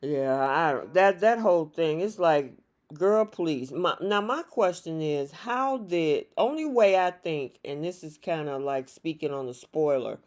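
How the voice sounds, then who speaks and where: A woman's voice: sits low, a little slow. A woman co-hosting a casual soap opera recap chat, acting out the characters' lines as she talks. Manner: animated, acts out characters' lines.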